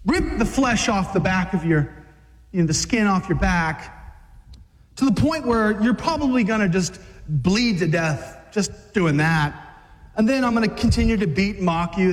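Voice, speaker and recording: A man voicing a taunting male devil who whispers low and hissing, then sneers out cruel threats, in a reverberant hall.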